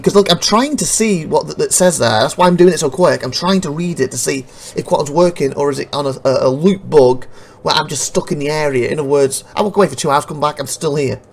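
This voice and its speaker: A man's voice: fairly high pitch, brisk, creaky. A man giving casual commentary over recorded gameplay, rambling, restarting sentences and laughing at glitches. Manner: rambling, self-interrupting, laughs at bugs.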